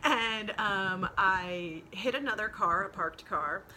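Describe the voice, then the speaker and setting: A woman's voice: medium pitch, takes it slowly, sharp tone, a little hiss or hum. A woman podcast host telling a rambling, profane story in casual chat, laughing as she goes.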